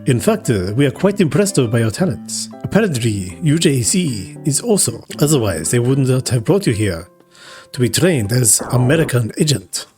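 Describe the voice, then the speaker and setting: Man doing Nico, a slow gruff yakuza boss. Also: mid-range voice, big pitch swings, a little mellow, faint music behind, close to an everyday voice. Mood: menacing. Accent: put-on Japanese accent. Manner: slow, broken clipped English, gruff. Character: towering tattooed male yakuza boss, menacing.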